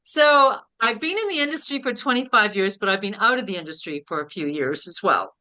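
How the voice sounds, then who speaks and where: An older woman from Canada, a podcast guest, telling a personal story with animated voices for her past thoughts. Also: medium pitch, a little fast, low-quality recording.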